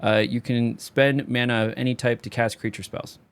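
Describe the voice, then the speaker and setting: A young man rambling casually through card reviews, his voice going hoarse and straining on high notes. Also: flat delivery, moderate pace. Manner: loose, rambling, sings a repeated catchphrase. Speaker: card game video creator.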